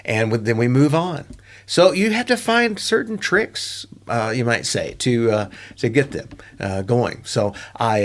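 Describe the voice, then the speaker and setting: A middle-aged man talks through his teaching tips in a loose, conversational monologue. His voice sits at an ordinary middle pitch, and he wanders into asides and fillers as he goes. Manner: relaxed, chatty, with frequent fillers and asides. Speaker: online English teacher giving tips.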